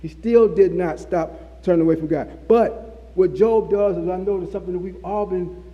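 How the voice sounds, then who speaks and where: A man's voice: high voice, fairly even intonation, moderate pace, lo-fi sound. A man preaching a sermon, repeating phrases for emphasis. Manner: repetitive, emphatic preaching with restarts. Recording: long hall reverb.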